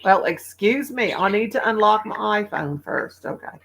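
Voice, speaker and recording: A woman's voice: medium pitch, expressive, moderate pace, vocal fry, fairly bright tone, slightly rough, poor audio. A chatty woman in her sixties from the Midwest, rambling casually to livestream viewers and laughing often. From American Midwest. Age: 60s. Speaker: livestream host.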